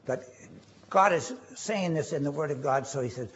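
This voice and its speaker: A man preaching a sermon, quoting scripture and rising in pitch and force on key phrases. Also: lively intonation, unhurried, slight background noise. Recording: dull lo-fi recording.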